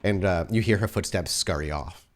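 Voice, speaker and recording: A man's voice: low voice, moderate pace. A man working as game master, narrating scenes to the players in the second person.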